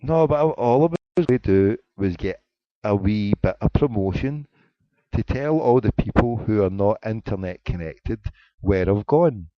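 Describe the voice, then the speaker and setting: A man's voice: on the low side, animated, normal speed, no echo. A man hosting a casual live internet radio show, joking in mock indignation while reading a chat. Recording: dry, dull lo-fi internet radio sound.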